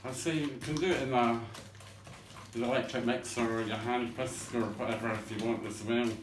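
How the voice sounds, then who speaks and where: A man hosts a home cooking show, walking through a recipe with rambling, cheeky, self-mocking chatter. His voice is medium-pitched and steady at a moderate pace, with slight background noise. The indoor kitchen sounds echoey, with dishes clattering.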